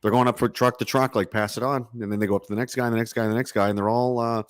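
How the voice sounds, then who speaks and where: A man in casual podcast chat who talks quickly and repeats words as he restarts his sentences. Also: medium pitch, steady tone, clean tone, dry recording, clean studio sound.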